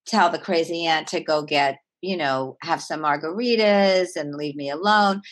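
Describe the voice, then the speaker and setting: A woman author, a guest on an interview, who explains her ideas earnestly, with wide swings in pitch and loudness. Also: moderate pace. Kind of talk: conversational interview.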